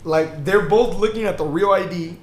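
A young man co-hosting a podcast, telling a story in a casual, animated way, full of swearing, acting out the people in it. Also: high-pitched, moderate pace, roomy sound. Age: young adult. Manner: animated, swearing, acts out bouncers. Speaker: podcast co-host.

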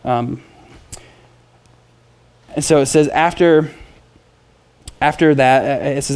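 This expository sermon is delivered by a man whose mid-range voice is clean in tone and a little mellow. He takes it slowly with long pauses, reading scripture aloud in a casual, conversational way while adding playful asides and fillers.

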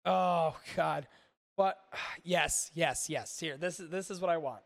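A man's voice: on the high side, slow, creaky, no room sound, studio quality. A man hosting a podcast in casual, rambling chat, swearing freely and talking to his live chat. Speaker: podcast host.

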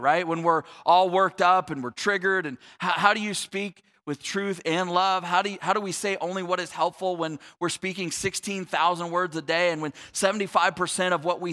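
A pastor in his forties delivers a sermon in a high, bright voice. He talks earnestly, doubling up words as he builds toward a point. At times he sinks into a soft, low tone to reflect. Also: big-room sound.

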